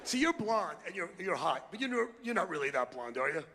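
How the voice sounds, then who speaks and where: A middle-aged stand-up comedian rants and brashly insults the crowd on a comedy club stage before a live audience. His voice sits high with big pitch swings and a brisk pace, sounding like a large hall with heavy background noise.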